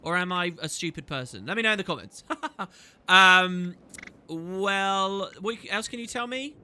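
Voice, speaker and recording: A man's voice: high voice, animated, unhurried, pushed and bright, slight background noise. A man hosting a gaming video, chatting casually as he plays and reading quest dialogue aloud. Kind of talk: casual gameplay commentary. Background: faint game music.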